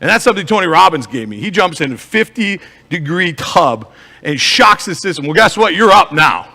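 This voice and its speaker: On a hall stage, a male motivational speaker and life coach with an Upper Midwest American accent gives an emphatic live talk, firing rhetorical questions at the crowd. His voice is high, sing-song and bright, with a forceful tone and moderate pace, and a long reverb tail trails his words.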